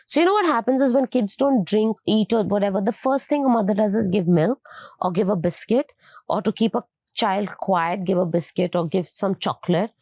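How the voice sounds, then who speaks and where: A woman's voice: medium pitch, normal speed, no echo. A middle-aged woman from India, a fitness trainer telling stories as a podcast guest, acting out the dialogue as she goes. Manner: animated storytelling, acts out dialogue. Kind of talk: casual interview talk.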